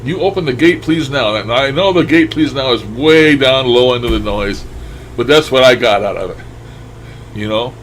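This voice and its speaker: A man's voice: mid-range voice, normal speed, noisy background. An older man talking casually over recordings he plays back, musing aloud and chuckling as he trails off. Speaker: paranormal radio session host. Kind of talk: casual commentary over playback.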